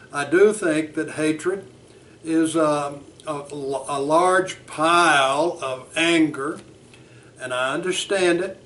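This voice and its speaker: A man, a psychotherapist, teaching a lesson in a deliberate, measured way and acting out a session. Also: fairly high pitch, a bit bright. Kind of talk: teaching lesson with role-play.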